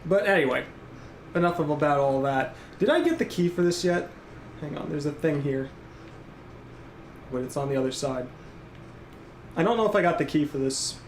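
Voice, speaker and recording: A man's voice: fairly high pitch, animated, moderate pace, long pauses, reverberant, a little hiss or hum. A man giving live, rambling gameplay commentary and chatting casually with his viewers. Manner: rambling, casual, reads and answers chat. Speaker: gameplay streamer.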